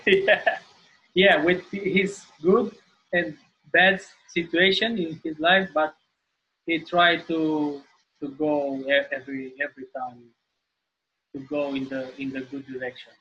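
A man from Romania with a Romanian accent, a guest in a casual interview, speaking halting English as he searches for words and laughs often. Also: on the high side, steady tone, muffled recording.

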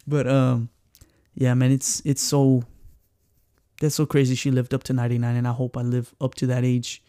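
Animated Mexican-accented man. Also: mid-range voice, unhurried, pauses often, clean tone, no echo, clean studio sound. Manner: animated storyteller who acts out quotes and slips into Spanish phrases. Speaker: podcast host. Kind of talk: casual chat.

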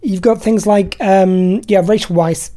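Speaking a little slowly in a warm, steady, medium-pitched voice, this woman hosts a radio show and talks about movies in a relaxed, film-review style. She's British, chatty and keen, and she laughs readily.

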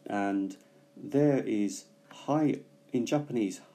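A man teaches English vocabulary in a relaxed, unhurried way. His voice is low and mellow, and he pauses often to think aloud. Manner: slow, thoughtful, with many pauses and fillers. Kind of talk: casual bilingual language lesson.

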